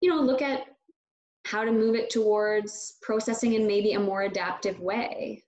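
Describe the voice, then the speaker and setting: A woman therapist explaining coping skills in a brisk, upbeat way, answering her own quick questions. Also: medium pitch, steady tone, a little mellow, roomy sound, poor audio. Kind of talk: conversation about coping between colleagues.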